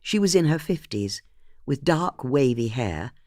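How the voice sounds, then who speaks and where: An audiobook narrator reading a mystery novel in an expressive, scripted way. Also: medium pitch, a little slow, no echo, studio quality.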